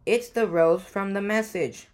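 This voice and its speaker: A woman reading aloud as an eager young girl detective, in a slowish storybook voice. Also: medium pitch, a little mellow, close to an everyday voice.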